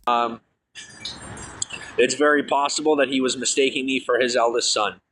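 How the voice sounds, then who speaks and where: A man's voice: mid-range voice, fairly even intonation, normal speed, a bit bright, a little hiss or hum, rough recording. A man streaming to viewers, telling long rambling personal stories full of fillers and restarts.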